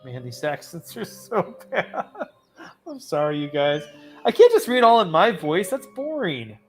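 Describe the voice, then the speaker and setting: A woman's voice: on the low side, sing-song, unhurried, soft background music. Giggly woman narrating a game. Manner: giggly, self-mocking, chatty. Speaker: host. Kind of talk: casual let's play commentary.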